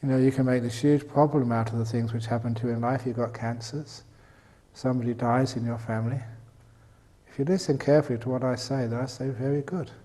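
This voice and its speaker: A man's voice: medium pitch, dark tone, long reverb tail. Older man giving a joking meditation talk. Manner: jokey, laughs often at his own jokes. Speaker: meditation teacher. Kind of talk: humorous dharma talk.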